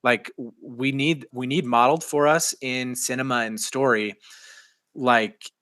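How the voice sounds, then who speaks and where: A man in his thirties co-hosts a casual podcast. His voice is bright, and he talks with enthusiastic, animated energy. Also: medium pitch, a little slow, no room sound. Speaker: podcast co-host.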